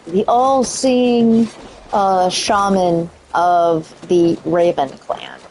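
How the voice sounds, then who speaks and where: A woman streaming a video game, swearing casually and talking to the characters, her voice cracking and squeaking. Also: extremely slow, slight background noise. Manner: profane, excitable, talks to the game characters. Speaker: gaming streamer. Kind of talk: casual let's-play commentary.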